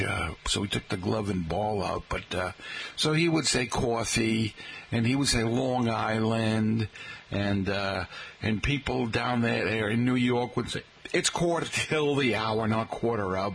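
A man's voice: mid-range voice, gravelly, a bit bright, a little hiss or hum. Rambling older Boston man hosting radio. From Boston area, Massachusetts. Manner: rambling, jokey, many fillers and restarts. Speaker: radio talk show host. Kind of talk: casual monologue to listeners.

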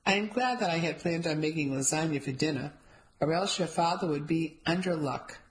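A woman's voice: deep voice, brisk, lightly acted. A woman voicing an older grandmother who speaks politely with a mild, dry sarcasm. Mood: sweet, dry. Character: fussy older Sicilian-born grandmother, gently sarcastic.

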